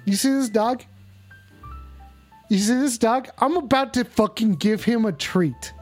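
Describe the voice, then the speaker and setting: A man hosting a livestream call-in show, talking to his chat in a rambling, exasperated, profane way, stretching some lines out and rushing others. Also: extremely high pitch, expressive, faint music behind. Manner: profane, exasperated, scolding viewers; drawn-out emphatic lines mixed with quick asides. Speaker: livestream host taking call-ins.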